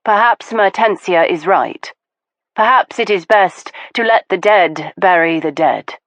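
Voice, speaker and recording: A woman reading the part of a timid widowed lady who speaks softly and gently. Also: on the low side, takes it slowly, no room sound, dull audio. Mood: gentle. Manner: soft-spoken, gentle.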